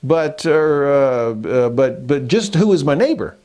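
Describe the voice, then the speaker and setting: A man's voice: medium pitch, lively intonation, darkish tone, pitched above the performer's own voice, natural voice. A man voicing a flustered Sunday school teacher who stammers and fumbles over his fillers. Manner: stammering, halting, full of fillers.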